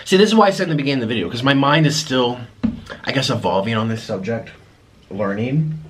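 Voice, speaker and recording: A man vlogging to camera, talking in a reflective, apologetic way with many restarts, pausing to eat. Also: medium pitch, lively intonation, fairly bright tone, a little hiss or hum. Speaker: mukbang vlogger. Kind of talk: casual confessional talk to camera.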